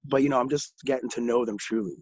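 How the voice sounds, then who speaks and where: A young man tells a rowdy, profane story as a podcast guest, laughing as he goes. His voice is husky and sits in a middle pitch. The sound is dry and somewhat muffled, like a lo-fi recording. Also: steady tone, quick pace, darkish tone, no room sound. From Ontario, Canada. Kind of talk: casual storytelling.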